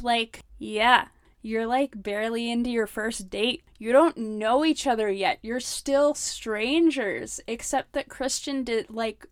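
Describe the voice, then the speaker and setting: A young woman rants on her book-critique podcast, sarcastic and exasperated, padding her talk with "like" and the odd curse. Her voice sits a little high. She sounds close and dry on the mic, with no room around her. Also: no room sound. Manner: sarcastic, ranting, many "like" fillers, swears. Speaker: podcast host. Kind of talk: casual comedic book critique.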